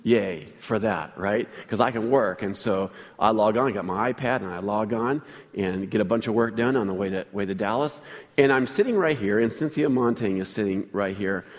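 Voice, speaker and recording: A man's voice: fairly low pitch, normal speed, big-room sound. A man preaching a sermon as pastor, telling a personal story in a chatty way and asking the congregation questions.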